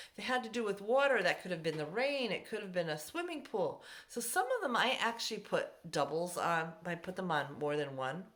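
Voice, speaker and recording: A middle-aged woman teaching a recorded class lesson from home, patient and sounding words out slowly for young pupils. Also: mid-range voice, big pitch swings, fairly bright tone. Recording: echoey room.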